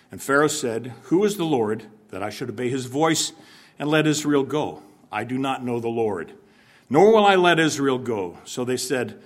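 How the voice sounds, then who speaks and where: Emphatic male preacher addressing a congregation. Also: mid-range voice. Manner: emphatic, asks the congregation questions, acts out stern warnings. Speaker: pastor. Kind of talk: sermon.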